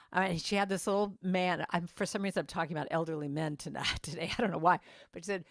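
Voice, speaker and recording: A middle-aged woman giving a sermon as a guest speaker, telling stories in an animated way and acting out the voices of people she quotes. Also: on the low side, quick pace, no room sound, studio quality. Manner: animated, acts out quoted voices, laughs while talking. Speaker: guest speaker at a Sunday service. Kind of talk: storytelling sermon.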